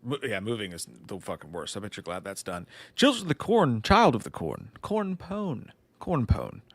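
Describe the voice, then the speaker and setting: A man's voice: on the low side, wildly swooping pitch, moderate pace, no room sound. A man co-hosting a live movie news stream, chatting casually, swearing freely, laughing often and reading viewer comments aloud.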